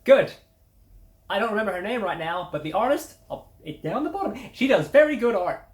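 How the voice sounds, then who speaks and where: Woman, mid-pitched, blunt and sardonic, swears freely; roomy room sound. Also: expressive, brisk. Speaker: media review host. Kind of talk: casual spoken review. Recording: roomy echo.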